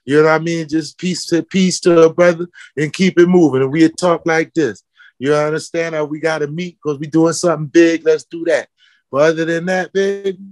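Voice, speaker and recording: A fiery man, speaking in a fairly high register. He preaches and calls people out with question after question. His voice sounds close and dry, with no room echo. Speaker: footwear company founder. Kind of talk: passionate interview talk.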